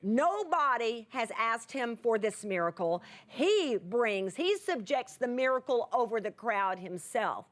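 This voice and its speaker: High voiced woman giving a sermon, earnest and punchy, keeps asking the crowd if they're with her. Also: expressive, measured pace, few pauses. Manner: earnest, emphatic, calls out to the audience. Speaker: Bible teacher.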